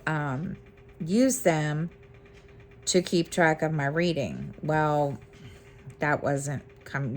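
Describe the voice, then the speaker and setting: A middle-aged woman chatting casually to her viewers, rambling with many ums and restarts. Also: sits low. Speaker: cross-stitch vlogger. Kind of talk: casual chat to camera.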